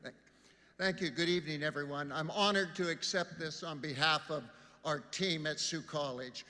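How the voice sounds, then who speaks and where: Man, formal acceptance speech, earnest, measured pace, high bright voice, long hall reverb. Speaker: college representative accepting award. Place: large event hall.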